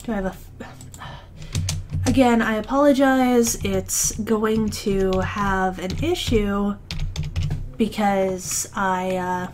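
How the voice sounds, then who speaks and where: A woman's voice: medium pitch, steady tone, slow, pauses often, a little mellow, a little hiss or hum. A woman hosting a let's play, commenting casually on a game with many fillers and restarts.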